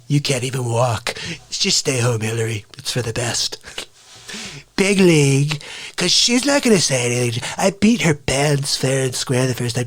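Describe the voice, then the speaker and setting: A man doing a brash, boastful president impression. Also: medium pitch. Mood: smug. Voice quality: clipped, bragging catchphrase delivery. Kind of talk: live comedy stream impression.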